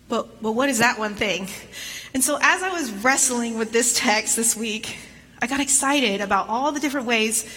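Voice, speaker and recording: A woman pastor delivering a sermon in a conversational, gently humorous storytelling manner. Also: a little high, slightly rough, in a large hall, rough recording.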